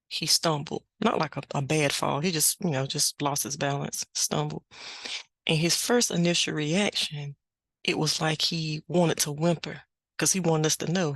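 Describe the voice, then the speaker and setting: A middle-aged woman hosting a podcast, telling a family story in an unhurried, plain-spoken way. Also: low voice, vocal fry, no echo. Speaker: podcast host. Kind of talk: casual spoken reflection.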